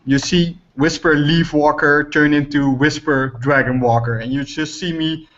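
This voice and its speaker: Excited guy player in a tabletop game, kinda high voice, muffled lo-fi sound. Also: normal speed. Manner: excited, storytelling, laughs often. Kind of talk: describing his character's actions in a tabletop game. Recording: muffled lo-fi audio.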